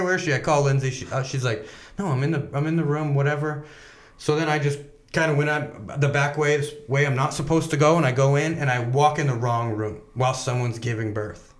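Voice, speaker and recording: A man's voice: on the high side, brisk. Man telling a rowdy story in an echoey room. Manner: swears a lot, animated anecdotes, laughs while telling. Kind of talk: casual storytelling chat.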